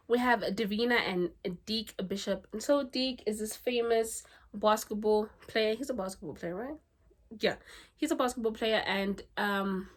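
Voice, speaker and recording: A woman's voice: medium pitch, fairly bright tone. A woman talks through her favorite books in a loose, chatty vlog. She gushes, leans on fillers and repeats herself for emphasis, and her voice sits in an ordinary middle range. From South Africa. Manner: gushing, chatty, lots of "like" and "legit". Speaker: book vlogger. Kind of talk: casual book review vlog.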